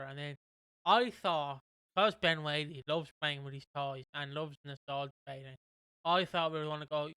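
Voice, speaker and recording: A man co-hosting a podcast, chatting in a quick, amused, sweary way while recapping a soap. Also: a little high, steady tone, pushed and bright, smooth, no room sound, low-quality recording. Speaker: podcast co-host. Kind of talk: casual chat recapping a soap.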